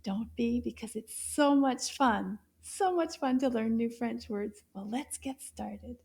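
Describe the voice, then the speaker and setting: A woman's voice: on the high side, unhurried, vocal fry, darkish tone, breathy edge. A woman teaching beginner French words to young children, encouraging them in a sing-song voice and drawing out each syllable. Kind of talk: slow, clear children's lesson with repetition.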